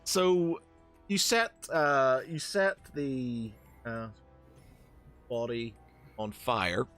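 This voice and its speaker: A man's voice: mid-range voice, very slow, fairly bright tone, faint music behind. A man running a tabletop game as game master, hesitant, with many fillers, restarts and laughs.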